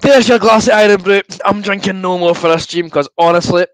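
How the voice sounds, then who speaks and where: A high-voiced young Scot speaks fairly quickly as host of a football watchalong stream, reading viewer comments and replying with chatty good humour. Fizzy juice has made him a bit queasy, and the recording is rough.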